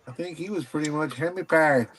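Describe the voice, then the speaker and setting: A man's voice: a little high, fast talker, a bit bright, slight background noise. A man in casual chat, asking earnest questions. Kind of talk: casual chat on a live stream.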